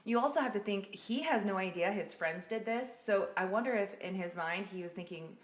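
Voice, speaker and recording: A woman's voice: mid-range voice, brisk. A woman hosting a podcast, telling a true-crime case in a casual, blunt way and swearing freely. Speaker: podcast host. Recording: echoey room.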